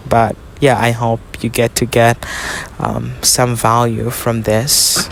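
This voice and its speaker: This is a young man recording a casual self-help podcast outdoors. His pitch stays in the middle and barely moves as he repeats his points with earnest affection. Faint outdoor ambience and passing vehicles sit quietly behind his voice. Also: monotone, takes it slowly, creaky, a little hiss or hum. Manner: earnest, repetitive, affectionate toward listeners. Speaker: podcast host.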